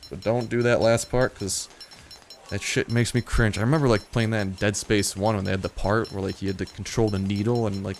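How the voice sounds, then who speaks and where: A man's voice: on the low side, fairly even intonation, brisk, slight background noise. A young man giving casual gameplay commentary in a rambling, jokey way with plenty of swearing. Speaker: gaming YouTuber.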